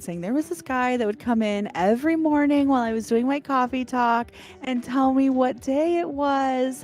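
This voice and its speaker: A woman with a New York accent co-hosting a livestream, reading viewer messages in a bubbly, animated way and laughing often. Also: fairly high pitch, normal speed. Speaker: livestream co-host reading chat. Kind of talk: casual livestream chat.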